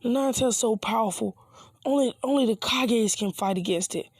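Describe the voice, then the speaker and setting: A man's voice: very high voice, normal speed, husky, no room sound, studio quality, heavily acted. A man playing a scornful hostile villager. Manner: scornful and accusing. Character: hostile grown male villager.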